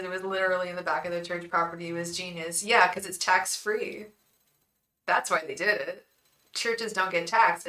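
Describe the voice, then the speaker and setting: A woman tarot reader chats on a live stream, joking and wandering off into asides. Her voice is bright and ringing, and the room is noticeably echoey. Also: on the low side. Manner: chatty and joking, rambling asides to viewers. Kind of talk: casual live-stream chat.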